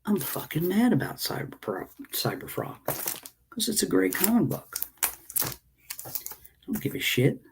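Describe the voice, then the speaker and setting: A man's voice: high-pitched, very animated, unhurried, gravelly, pauses often, slight background noise. A man who makes his own comics, ranting in a casual vlog, impassioned and swearing freely. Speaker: self-published comic creator.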